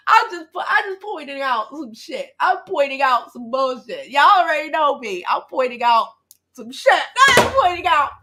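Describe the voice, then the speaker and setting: A woman in her thirties, from Brooklyn, hosting a casual livestream chat in a blunt, profane, animated way. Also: high voice, moderate pace, slight background noise. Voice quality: gravelly, husky. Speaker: livestream host.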